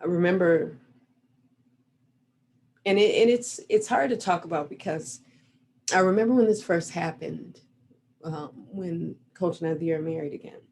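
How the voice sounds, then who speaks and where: A woman's voice: lowish voice, unhurried, long pauses, a little mellow, slight background noise. A middle-aged woman coach giving a reflective, motivational talk over a video call. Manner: earnest, reflective, guiding listeners through an exercise. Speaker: relationship coach.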